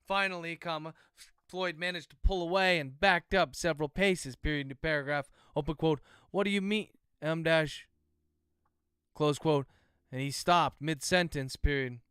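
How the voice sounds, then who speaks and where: A man's voice: on the high side, steady tone, normal speed, a bit bright, clean tone, no echo. Man, author, dictating a novel aloud, methodical, close dry mic. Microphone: close livestream microphone.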